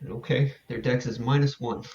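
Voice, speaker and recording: A man's voice: medium pitch, steady tone, normal speed, highs cut off, heavy background noise. A man running a tabletop game as game master, hesitant with many fillers.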